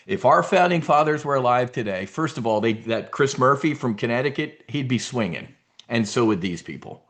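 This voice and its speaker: A man's voice: mid-range voice, animated, normal speed, fairly bright tone. A middle-aged man hosting a live investing briefing, talking casually with blunt, swearing asides and rambling restarts.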